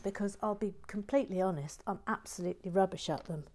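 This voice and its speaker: A woman's voice: mid-range voice, quick pace, hardly any pauses, dark tone. A woman hosting a casual building stream, chatting in a self-deprecating, exclamatory way. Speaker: LEGO building stream host. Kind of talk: casual chat while building.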